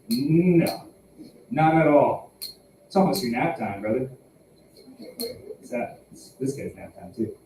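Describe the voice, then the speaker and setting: A man's voice: medium pitch, animated, slow pace, pauses often, dark tone, distant mic, slight background noise. A young man doing stand-up at an open mic, self-mocking and laughing at his own jokes. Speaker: stand-up comedian. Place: small tobacconist shop. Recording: echoey room, heard from afar.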